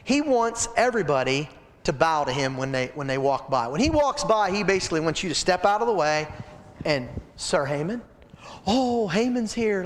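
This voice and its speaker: A man with a high, bright-toned voice preaches to a Bible study group and tells the story with lively energy. He keeps turning to his listeners with direct questions. The sound carries a long reverb, as in a church hall. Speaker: pastor leading a Bible study. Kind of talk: midweek Bible study sermon.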